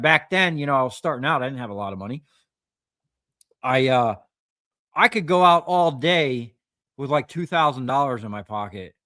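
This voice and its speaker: A man's voice: mid-range voice, bright, forceful tone, no room sound, clean studio sound. A man, a scrap metal recycler, telling rambling anecdotes on a livestream, full of fillers and quoted dialogue. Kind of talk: casual storytelling on a livestream.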